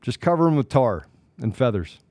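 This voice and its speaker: A man co-hosting a political talk show, angry and emphatic, swinging between loud outbursts and low muttering. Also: very animated, moderate pace, no echo. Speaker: podcast co-host.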